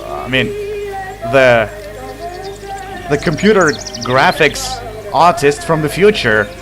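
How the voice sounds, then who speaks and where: A man's voice: on the high side, expressive, slow pace, over music. A man giving casual let's play commentary, chatty, laughing at the game, a non-native English speaker. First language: not English.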